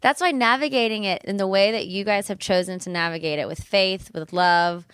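A woman's voice: mid-range voice, a little fast, fairly bright tone, clean tone, dry recording, clean studio sound. A woman hosting a casual interview, encouraging and full of eager questions. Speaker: host.

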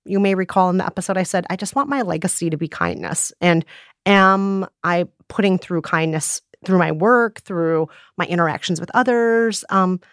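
A woman's voice: on the low side, normal speed, smooth, no room sound, studio quality. A woman co-hosting a podcast, talking earnestly and reflectively in casual chat. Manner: earnest, warm laughter, reflective. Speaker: podcast co-host.

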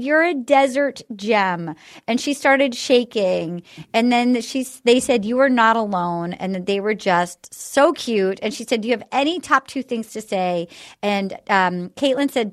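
A woman hosting a casual podcast chat, giggly and full of fillers as she recaps episodes. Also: fairly high pitch. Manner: chatty, giggly, lots of fillers. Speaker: podcast host.

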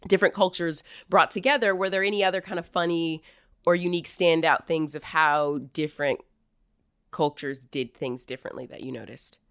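Low-voiced American woman co-host. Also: steady tone, brisk, clean tone, no room sound, studio quality. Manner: friendly, asks long follow-up questions. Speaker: podcast co-host. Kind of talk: casual interview questions.

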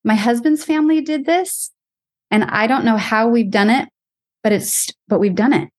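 A woman's voice: on the high side, moderate pace. A mom and program co-founder speaking as an interview guest, stating her views firmly and with emphasis. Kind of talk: casual interview conversation.

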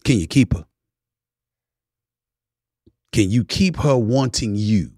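A man hosting a podcast in a casual monologue, emphatic, swinging between loud preaching and low murmurs, now and then singing bits of old soul songs. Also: lively intonation, takes it slowly, no echo, studio quality. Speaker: podcast host.

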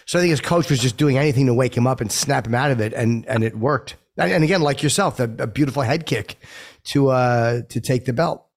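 A man's voice: medium pitch, fairly quick. A man hosting a casual interview, asking long rambling questions full of restarts. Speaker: podcast host.

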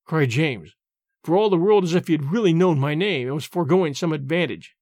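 A man narrating a novel aloud in a measured storytelling manner. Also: on the high side, expressive, no room sound, studio quality. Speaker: audiobook narrator.

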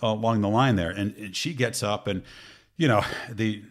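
A man's voice: fairly low pitch, moderate pace. A middle-aged man, a sports broadcaster, chatting casually and telling a funny story with laughter. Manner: animated, laughs while telling stories.

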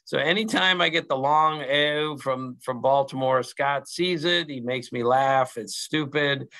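A man's voice: mid-range voice, unhurried, bright, forceful tone, rough recording. A man in his sixties from Maryland, a baseball reporter giving earnest opinions as a podcast guest, laughing easily. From Maryland, USA. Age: 60s. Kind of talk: podcast interview, casual chat.

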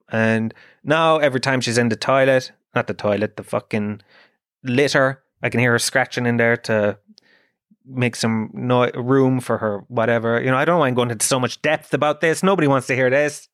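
A man's voice: mid-range voice, normal speed, a bit bright, dry recording, studio quality. A man hosting a podcast, telling a rambling, self-mocking story in casual chat and swearing freely. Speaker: podcast host.

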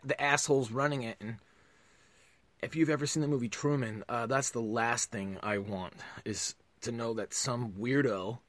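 A man hosting a podcast, delivering a profane comedic rant that swings between loud outbursts and low mutters. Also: no echo.

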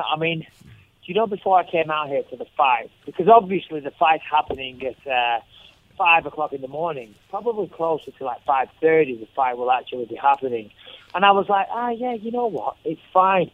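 Man on a tinny phone line. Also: on the high side. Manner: swears freely, upbeat and joking. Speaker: fighter guest on the phone. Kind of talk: casual phone interview.

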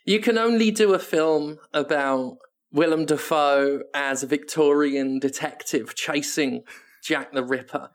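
A comedy podcast co-host improvising an absurd film pitch, animated and silly, laughing often. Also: unhurried.

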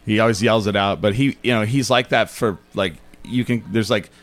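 A man from Albuquerque tells a long story as a podcast guest in casual chat. His voice sits on the low side, and he keeps acting out the quotes in between plenty of fillers. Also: moderate pace. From Albuquerque, New Mexico.

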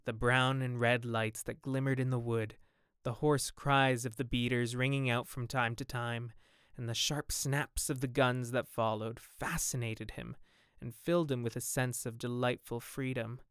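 A man with a mid-range, clean voice and fairly even intonation reads a classic novel aloud at an unhurried pace, as an audiobook narrator. The scripted narration is dry and studio quality, and he acts out each character with raised, loud dialogue.

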